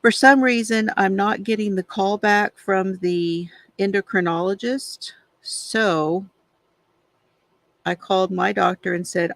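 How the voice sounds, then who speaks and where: A woman's voice: medium pitch, fairly even intonation, a little slow, gravelly, fairly bright tone, no room sound. A middle-aged woman hosting a craft livestream, chatting casually and confidingly while she colors, with frequent sighs. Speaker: craft channel host.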